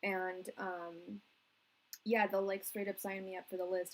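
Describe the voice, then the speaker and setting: A woman's voice: medium pitch, level tone, measured pace, low-quality recording. A young woman chats loosely with her live-stream viewers, rambling from one thought to the next. Her talk is slangy and easygoing, and she laughs often between remarks. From England. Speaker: tarot reader hosting a live stream.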